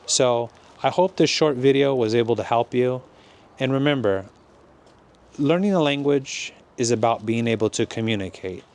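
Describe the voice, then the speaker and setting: An American man from California talks through an English lesson at a slow, careful pace. His pitch sits in an ordinary middle range for a man. He explains things in a deliberate, encouraging way that suits listening practice. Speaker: English teacher. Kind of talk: slow teaching monologue.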